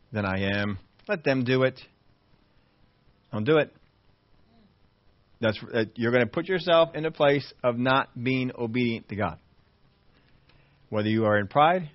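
A man's voice: mid-range voice, no room sound. A man preaching a sermon to his congregation, asking rhetorical questions and answering them. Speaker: pastor. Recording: dull, dry lo-fi sermon audio.

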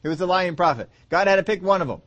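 A man's voice: high voice, expressive, quick pace, fairly bright tone, muffled recording. A man preaching a sermon, joking and acting out the story in voices. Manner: humorous, acts out scenes in voices, laughs often.

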